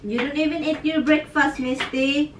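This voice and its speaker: A woman's voice: sits high, fairly even intonation, normal speed, a little hiss or hum. A woman from the Philippines with a Filipino accent, chatting giggly and casually to her viewers as a vlogger. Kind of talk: casual chat.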